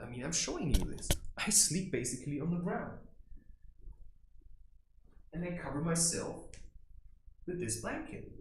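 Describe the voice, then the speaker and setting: A man playing a blunt, boastful macho barbarian in a rambling comic monologue, keeps tossing in "right?", recorded in a room. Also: fairly high pitch. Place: room indoors. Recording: echoey room.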